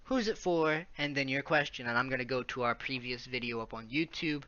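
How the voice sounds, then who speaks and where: A man's voice: mid-range voice, brisk, pushed and bright. A man hosting a casual online chat show, laughing often and steering the conversation. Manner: laughs often, leads the segment. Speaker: podcast host. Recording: dull lo-fi sound.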